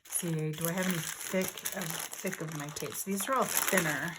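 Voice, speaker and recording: An older woman chatting loosely while she crafts, thinking aloud and wandering off topic. Her voice sits a little low. Paper crinkles clearly in the background. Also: measured pace, noisy background. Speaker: journaling vlogger. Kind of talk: casual crafting narration.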